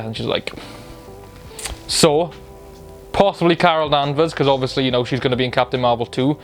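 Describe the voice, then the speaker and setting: Excitable young man recapping a show. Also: medium pitch, fairly quick, long pauses, faint music behind. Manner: excitable, swears, acts out quotes. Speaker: film review host.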